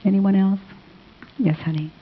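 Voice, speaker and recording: A woman teaching a live audience, answering questions in a gentle, affectionate manner and calling people honey. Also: medium pitch, steady tone, measured pace, slight background noise. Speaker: self-inquiry teacher. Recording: dull lo-fi sound.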